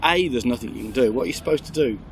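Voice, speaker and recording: A man's voice: mid-range voice, lively intonation, rapid-fire, a little hiss or hum. A man from south Birmingham with a Birmingham accent, chatting animatedly and self-mockingly as an improv guest. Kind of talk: casual chat.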